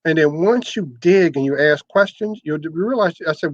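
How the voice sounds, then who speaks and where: A former radio sales manager, now an older man, is interviewed conversationally about his long career in radio. He speaks at normal speed in a fairly high voice, explaining at length and often restarting with repeated words. The audio is dull, with no room sound.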